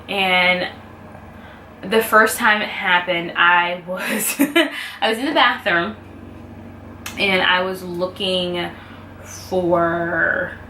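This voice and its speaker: A woman speaking to camera in a personal vlog, emotional and heartfelt, pausing often as she talks. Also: lowish voice, bright, forceful tone. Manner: emotional, heartfelt, halting with pauses. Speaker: vlogger. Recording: echoey room with faint ambient noise.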